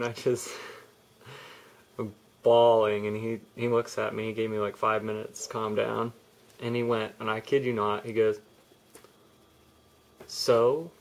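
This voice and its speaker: A young man telling a personal story in a candid, rambling vlog, often restarting his sentences. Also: fairly low pitch. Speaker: vlogger.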